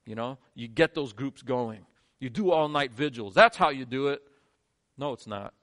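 A male pastor delivers a sermon, moving between quiet, low lines and emphatic, rising ones. He is expressive and speaks at a normal speed.

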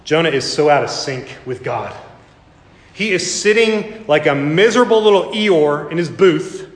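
A man preaching a sermon as pastor, impassioned and rising to emphatic peaks. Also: a little high. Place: church sanctuary. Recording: echoey church hall.

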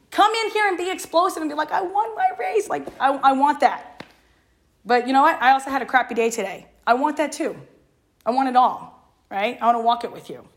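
A middle-aged woman youth leader sharing her personal story with a youth group in an earnest, emotional way, often asking "right?". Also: fairly high pitch. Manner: earnest, tags lines with "right?"; emotional, near tears at times.

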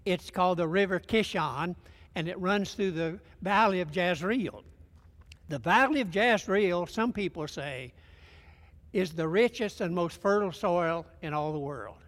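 A man preaching a sermon, retelling a story in a folksy, animated way and acting out the quotes. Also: high-pitched, unhurried. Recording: long hall reverb.

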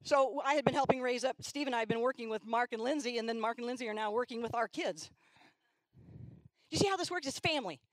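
A middle-aged woman with a somewhat high voice speaks quickly in a dry, rough recording. She's a church speaker telling stories during a sermon, animatedly acting out the voices of young girls.

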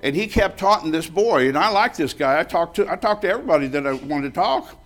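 An older man in his seventies delivers a sermon from a church, slipping into a personal story. His voice sits a little high for a man, and he talks in a folksy, emphatic way, often breaking into laughter. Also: lively intonation, quick pace. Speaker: preacher.

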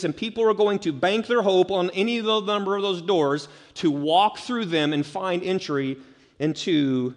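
Emphatic preaching man, ringing hall. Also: high-pitched. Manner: emphatic, repeats key words for stress. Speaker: pastor. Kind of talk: expository sermon. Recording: long reverb of a large hall.

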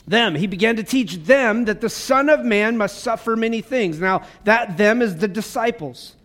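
A man with a high-pitched voice preaches to his congregation. He is fervent and passionate yet conversational, dropping casual asides between points. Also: normal speed, fairly bright tone. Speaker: pastor. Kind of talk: sermon. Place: church service.

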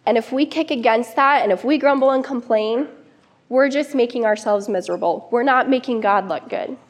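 A woman's voice: on the high side, moderate pace. A young woman giving an earnest, conversational devotional talk to camp counselors. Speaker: camp speaker.

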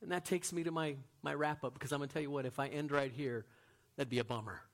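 A man preaching a sermon as a pastor, earnest, moving from loud emphatic lines to quiet, hushed ones. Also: on the high side, steady tone, fast.

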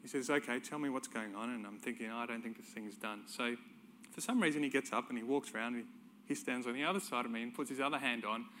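A man's voice: medium pitch, fast, background noise. A middle-aged man, preaching a sermon by telling a personal story in a conversational way, chuckling now and then.

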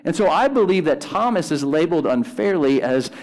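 A man preaching a sermon in a casual, animated way, slipping in everyday slang as he talks. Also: on the high side, fairly quick. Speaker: pastor. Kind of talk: conversational sermon.

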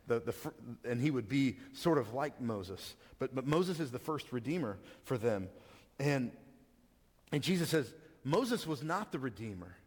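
A man's voice: medium pitch, animated, measured pace, in a large hall. A man giving a sermon as a pastor, talking in a conversational way with frequent stammered restarts.

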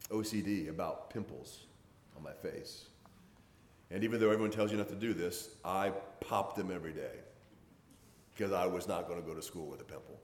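A man's voice: sits low, a little mellow, roomy sound. A man preaching a sermon in a conversational way, pressing harder on his key points. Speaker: pastor.

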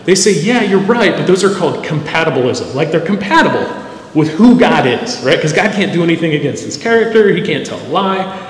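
A middle-aged male pastor giving a conversational, self-deprecating sermon full of animated stories, recorded in a church. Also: fairly high pitch, fairly quick. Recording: echoey hall.

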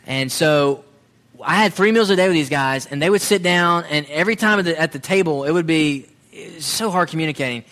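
A man from Southern Alabama with a Southern accent, telling a personal testimony in a sermon-style talk, storytelling and animated, then quieting into reflection. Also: fairly high pitch, brisk. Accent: Southern American (Alabama). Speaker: speaker giving a testimony.

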